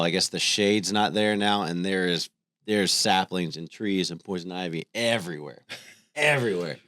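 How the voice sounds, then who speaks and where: Deep-voiced man telling family stories. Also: clean tone, dry recording, clean studio sound. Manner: storytelling, relaxed and conversational. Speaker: podcast co-host. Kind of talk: casual faith conversation.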